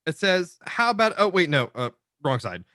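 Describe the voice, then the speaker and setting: A man co-hosting a casual game-stats show, reading results with animated, teasing banter. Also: high voice, normal speed, no echo, clean studio sound. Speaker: co-host.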